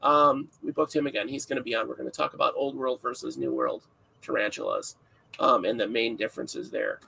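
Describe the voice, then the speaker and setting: A man's voice: mid-range voice, fairly quick, creaky, pushed and bright, slightly rough, poor audio. A man hosting a casual livestream podcast, rambling and joking with frequent laughs, sounding tired. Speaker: podcast host.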